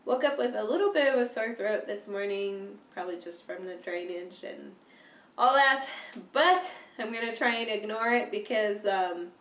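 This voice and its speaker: A woman's voice: mid-range voice, moderate pace, fairly bright tone, distant mic. A young woman, stuffy with a cold, chatting casually in a vlog update with lots of fillers and laughter. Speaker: vlogger. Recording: roomy sound, a bit off-mic.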